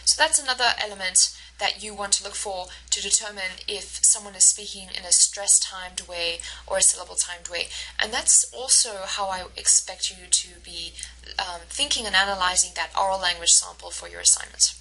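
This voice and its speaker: A woman instructor giving a recorded lecture over slides, explaining patiently and slowing down to model the stressed words. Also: mid-range voice, fairly even intonation, bright, forceful tone, a little hiss or hum, low-quality recording. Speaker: university instructor.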